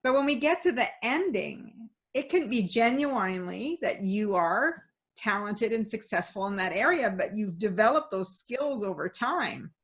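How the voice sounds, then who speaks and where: A woman's voice: mid-range voice, animated, a little slow. A woman hosting an interview show, speaking supportively with her guest. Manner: supportive, brief affirmations. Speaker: host. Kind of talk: interview conversation.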